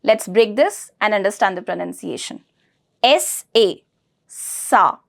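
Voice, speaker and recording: A woman teaching a pronunciation lesson, breaking words into syllables and repeating each one slowly. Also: medium pitch, expressive, vocal fry. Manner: slow, syllable-by-syllable with repeated drilling. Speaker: language teacher.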